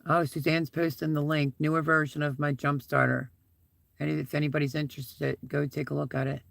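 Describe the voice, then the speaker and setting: A man hosts a casual live stream from inside his SUV, thanking viewers again and again and wandering from one story to the next. His voice is heavily gravelly with deep fry and sits a little high for a man. The sound is dry and close, with no room around it. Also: level tone, brisk, fairly bright tone, dry recording. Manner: rambling, chatty, repeats thanks.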